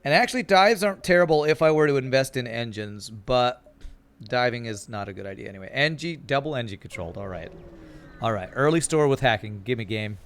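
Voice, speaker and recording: A man's voice: mid-range voice, expressive, brisk. A man casually commenting while he plays a game on a live stream and answers chat, talking in an offhand, mumbled way. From Dallas.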